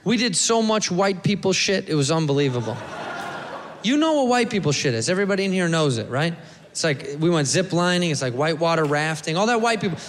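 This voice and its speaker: A man doing a loud, profane stand-up set, talking straight to the audience. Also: a little high, brisk. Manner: loud, profane, animated, talks to the crowd. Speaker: stand-up comedian. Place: comedy club stage. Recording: echoey club with laughing crowd.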